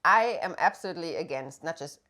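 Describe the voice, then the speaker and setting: A woman from Germany, co-hosting a casual chat in a playfully argumentative, animated way. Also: lowish voice, brisk. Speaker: co-host.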